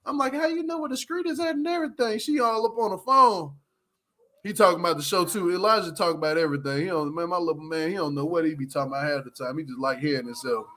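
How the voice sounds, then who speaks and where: Man, casual livestream host, high voice, bright tone, laughs a lot, loose slangy retelling. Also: fast talker. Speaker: show review livestream host.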